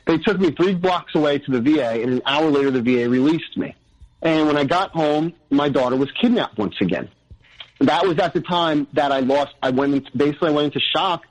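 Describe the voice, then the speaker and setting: A man with a fairly high voice tells his story in casual conversation. He is earnest and rambles through restarts, fillers and side tangents. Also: fairly quick, low-quality recording. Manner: earnest, frequent "you know".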